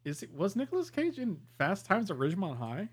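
A man co-hosting a podcast in casual chat, animated and emphatic. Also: high-pitched, a little fast, breathy edge. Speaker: podcast co-host.

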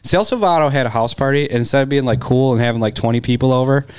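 A man in his thirties chatting casually with friends, telling stories with animated quoting. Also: medium pitch, quick pace, clear, resonant tone. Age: 30s. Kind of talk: casual chat.

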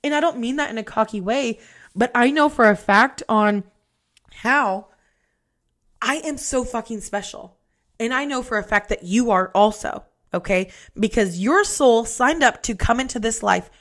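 A woman's voice: on the high side, normal speed. Profane, candid woman podcast host. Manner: candid, profane, animated storyteller. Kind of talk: casual personal storytelling.

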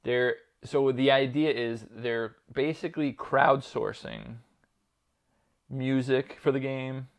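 Man, casual podcast chat, mid-pitched voice, rambling, filler-heavy, swears. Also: steady tone, slow pace, creaky. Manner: rambling, lots of "like" and laughter, swears freely. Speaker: podcast co-host.

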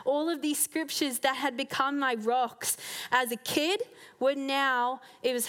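A woman with a fairly high voice shares a personal faith testimony before a church gathering. She speaks earnestly and from the heart, and soft laughs slip in between her words. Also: steady tone, unhurried. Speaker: church member giving a testimony.

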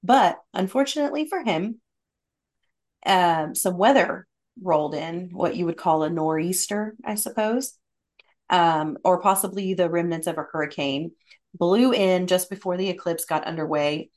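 Chatty woman podcast host, lowish voice. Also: normal speed. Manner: chatty, relaxed, with fillers and laughs. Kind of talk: casual podcast storytelling.

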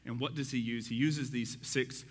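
A man teaching a Bible study to people in the room, in an excitable, conversational way that speaks straight to his listeners. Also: mid-range voice, moderate pace, slightly rough, in a large hall.

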